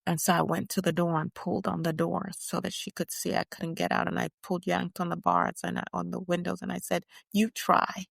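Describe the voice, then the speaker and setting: Woman cast as a defiant older activist: gravelly low voice, emphatic measured storytelling. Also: flat delivery, dry recording, clean studio sound. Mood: reflective. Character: older female activist recounting prison years, defiant. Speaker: guest portrayed in interview. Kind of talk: first-person dramatized interview.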